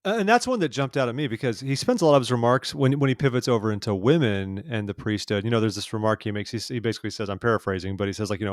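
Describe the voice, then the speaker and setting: A man's voice: lowish voice, very fast, few pauses, dry recording, studio quality. A man co-hosting a news podcast, talking casually with fillers and restarts. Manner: conversational, hesitant with fillers and restarts. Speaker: podcast co-host.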